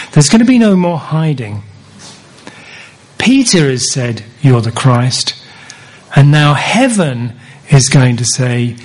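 Slow husky-voiced male preacher. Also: mid-range voice, a little mellow, low-quality recording. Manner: deliberate, repeats key phrases for emphasis. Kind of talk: sermon.

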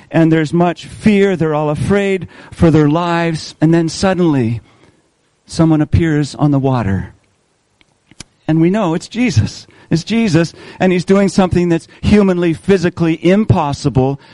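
A man preaching a sermon, asking his listeners questions and slowing down on key words to stress them. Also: fairly high pitch, warm tone, no room sound, poor audio. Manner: asks the congregation questions, slows for emphasis.

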